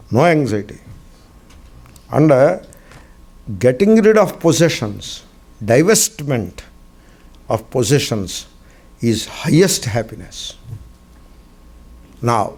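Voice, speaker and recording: A man's voice: mid-range voice, vocal fry, darkish tone. A man with an Indian English accent teaching a scriptural class, telling anecdotes with frequent chuckles and repeating short phrases for emphasis. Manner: chuckles often while telling stories. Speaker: spiritual teacher.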